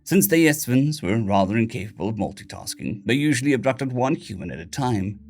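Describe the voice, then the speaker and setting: A man's voice: mid-range voice, animated, brisk, darkish tone, faint music behind. A man steadily narrating a science fiction short story. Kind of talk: scripted sci-fi story narration.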